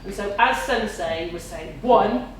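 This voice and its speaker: A woman in her forties speaks to a class, telling her story with lively acted-out quotes. She stands away from the microphone in a strongly echoing hall with faint room noise behind her. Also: mid-range voice, a little slow. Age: 40s. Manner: storytelling, animated, acts out her own inner voice. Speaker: kickboxing student giving a talk. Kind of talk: speech to a class. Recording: distant and very echoey with faint ambience.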